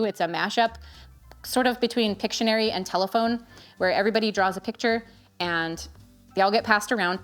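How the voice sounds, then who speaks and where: A woman in her thirties speaks in an earnest, chatty way as she recommends presents for children. Her voice sits at a middle pitch and she talks to camera with a home vlog feel. Soft background music runs faintly under her. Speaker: parent vlogger recommending gifts. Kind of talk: casual review vlog.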